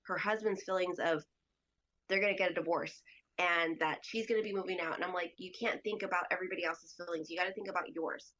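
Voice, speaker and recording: A woman's voice: on the low side, fairly even intonation, fast, a bit bright, dull audio, slight background noise. A woman speaking as a podcast guest in casual storytelling, chatty and full of fillers, acting out other people's lines as she goes. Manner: chatty, acts out quoted dialogue with lots of fillers.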